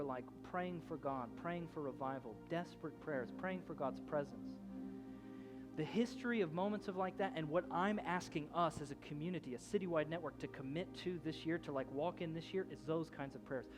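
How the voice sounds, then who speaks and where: A man's voice: fairly high pitch, fairly quick, over music. A man in his thirties preaching a sermon as a pastor, telling a story in a loose conversational way with many restarts. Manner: storytelling, rising to loud shouting at the climax.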